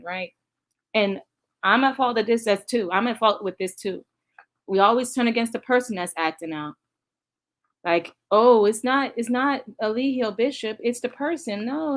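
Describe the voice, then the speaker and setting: A woman vlogger talking straight to her viewers in a casual recap, emotional and sighing often. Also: on the high side. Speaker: vlogger recounting past events. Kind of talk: casual reaction commentary.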